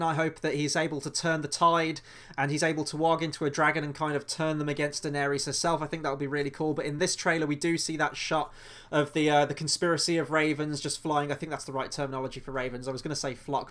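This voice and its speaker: A man's voice: fairly high pitch, fairly bright tone. A young man giving a chatty, opinionated review of a trailer, full of rambling asides. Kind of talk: casual review commentary.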